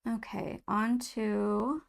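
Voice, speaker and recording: A woman's voice: medium pitch, flat delivery, extremely slow, creaky. A woman giving a pick-a-card tarot reading to her viewers, musing aloud and reading out card meanings. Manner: soft, musing, reads card texts aloud. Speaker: tarot reader.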